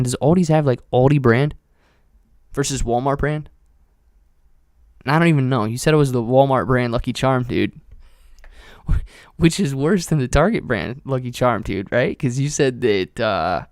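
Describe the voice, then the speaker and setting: A man's voice: medium pitch, a little mellow. A man hosting a casual live stream, calling out stock prices and chatting upbeat with viewers by name. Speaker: live-stream host reading viewer chat.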